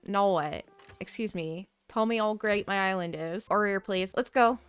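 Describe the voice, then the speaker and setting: A woman's voice: medium pitch, moderate pace, clean tone, no room sound, soft background music. A young woman hosting a gaming channel, chatting playfully through casual gameplay commentary and reading game dialogue aloud.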